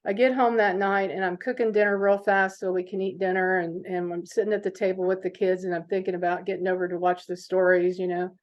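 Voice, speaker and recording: A middle-aged woman, a business owner, telling stories in a chatty, animated interview manner. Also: medium pitch, fast talker, hardly any pauses. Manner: animated storyteller, chatty with fillers. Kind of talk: conversational interview storytelling. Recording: dull lo-fi recording.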